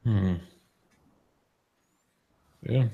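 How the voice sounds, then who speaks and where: A man's voice: very slow, phone-quality sound. A man hosting a live stream, chatting casually about online drama, laughing often and repeating his words as he goes. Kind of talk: casual political chat.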